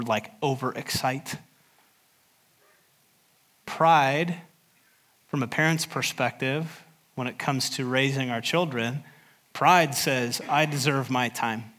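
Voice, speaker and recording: A man preaches to his church in an earnest, mid-pitched voice. He leans on repetition to drive each point home. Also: a bit bright. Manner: earnest, repeats phrases for emphasis. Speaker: pastor. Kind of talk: sermon. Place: church service.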